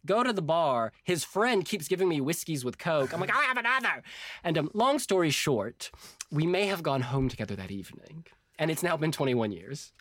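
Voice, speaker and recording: An American man in his forties, a guest telling lively stories in casual chat and laughing often. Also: on the high side, moderate pace, no echo, studio quality. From United States. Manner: animated storyteller, laughing often.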